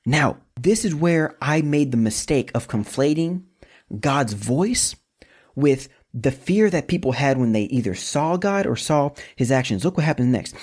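Husky, casual preacher. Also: medium pitch, lively intonation, a little slow, a little mellow. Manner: casual, repeats words, informal slang. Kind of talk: conversational sermon.

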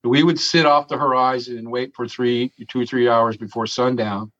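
A man's voice: mid-range voice, steady tone, a bit bright, dull audio. A man telling a long story in an interview, swearing freely and chuckling as he goes. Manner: profane, chuckling, drawn-out storyteller. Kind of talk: casual storytelling.

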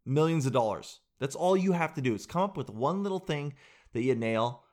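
A man's voice: a little high, fairly quick. A man hosting a reaction video, talking casually and animatedly to his viewers and laughing often. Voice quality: animated, laughing, addresses viewers as guys and dude.

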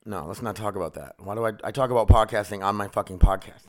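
A man's voice: on the low side, fast talker, few pauses. A man hosting a solo podcast from home, rambling and easily sidetracked, frustrated with himself and swearing casually. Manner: frustrated, self-deprecating. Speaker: podcast host. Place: home studio room.

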